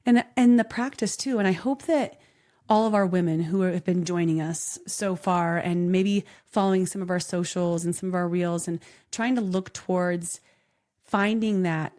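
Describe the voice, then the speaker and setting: A woman's voice: on the low side, moderate pace, a little mellow. A woman co-hosting a podcast, chatting candidly and telling stories with laughter and animation. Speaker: podcast co-host. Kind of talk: casual podcast chat.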